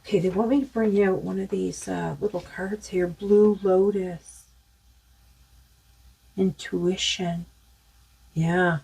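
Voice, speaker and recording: A woman's voice: fairly low pitch, steady tone, moderate pace, vocal fry, hardly any pauses, a little mellow, husky. A woman doing a spiritual tarot card reading in a rambling, musing way with many fillers, saying she is losing her voice.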